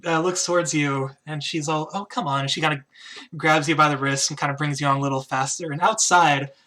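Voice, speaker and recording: A man's voice: a little high, steady tone, brisk, bright, forceful tone. A man narrating as game master in a tabletop game, talking casually with frequent hesitations. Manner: casual, hesitant, lots of "kinda".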